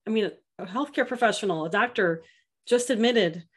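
Earnest, animated woman guest. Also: mid-range voice, moderate pace, slightly rough. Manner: earnest, animated storytelling with quoted voices. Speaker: podcast guest. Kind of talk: casual interview chat.

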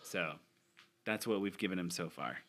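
A man's voice: low-pitched, lively intonation, normal speed, a bit bright. A young man chatting casually as a podcast co-host, upbeat and eager, stumbling over restarts. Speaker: podcast co-host, new father. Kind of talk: casual chat.

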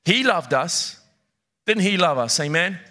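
A man's voice: high-pitched, expressive, measured pace, bright, forceful tone. A middle-aged man preaching a sermon as pastor, emphatic, repeating key phrases and putting questions to his congregation. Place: church.

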